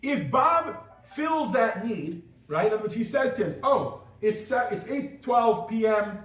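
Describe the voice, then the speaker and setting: Animated man teaching in an echoey room. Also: high voice, measured pace. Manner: animated, acts out little scenes in different voices. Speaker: rabbi teaching a class. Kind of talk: lively classroom teaching. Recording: echoey room, mic far off.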